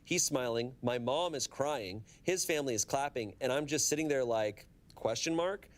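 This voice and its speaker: A man reading a story aloud and chatting casually with friends, in an animated way. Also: mid-range voice, normal speed.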